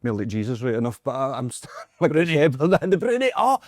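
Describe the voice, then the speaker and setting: Fast-talking Scottish man telling stories. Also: mid-range voice, no room sound, studio quality. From Scotland. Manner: animated, laughing, self-mocking anecdotes. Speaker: guest performer. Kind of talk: storytelling in casual chat.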